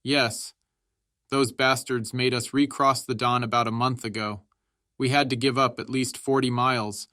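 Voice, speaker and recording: A man's voice: medium pitch, flat delivery, normal speed, sharp tone, dry recording, clean studio sound, lightly acted. A man voicing a tired, mocking veteran soldier who talks at length in a sardonic way. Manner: sardonic, chatty.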